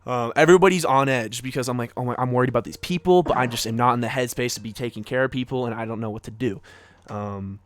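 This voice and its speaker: A man's voice: mid-range voice, fast, no room sound. A young man co-hosting a podcast, telling a story in a casual, rambling way full of fillers and acted-out quotes. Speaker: podcast co-host.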